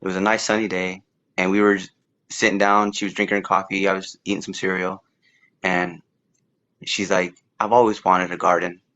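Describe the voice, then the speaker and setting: Deep-voiced man telling his story haltingly. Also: little pitch movement, fairly bright tone, highs cut off. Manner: rambling, halting with repeated words and fillers. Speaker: interview guest. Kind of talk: casual testimony.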